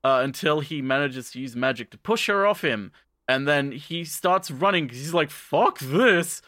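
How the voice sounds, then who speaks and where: A man co-hosting a podcast, casually recapping with rambling, profane asides and quick acted-out lines. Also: on the high side, lively intonation, sharp tone, no echo, studio quality. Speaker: podcast co-host.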